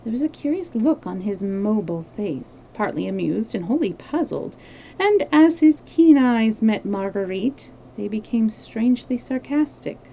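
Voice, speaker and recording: A woman reading a novel aloud on a live stream, unhurried, with small slips she corrects as she goes. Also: fairly high pitch, lively intonation, gravelly, warm tone, a little hiss or hum, low-quality recording. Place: home streaming setup.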